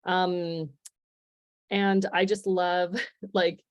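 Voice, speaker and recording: A woman's voice: on the low side, level tone, extremely slow. A woman in her forties presenting an informal webinar over a video call, chatty and upbeat, often laughing. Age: 40s. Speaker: guest presenter.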